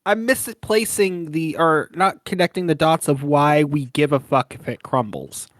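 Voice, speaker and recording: Deadpan man tabletop player. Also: on the high side, unhurried, no room sound, clean studio sound. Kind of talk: tabletop role-play chat.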